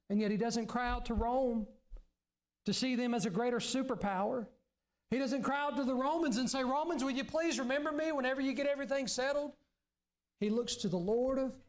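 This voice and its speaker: A man preaching a sermon as pastor in a church, earnest, now and then dropping to a hushed, pleading voice. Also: extremely high pitch. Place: church sanctuary.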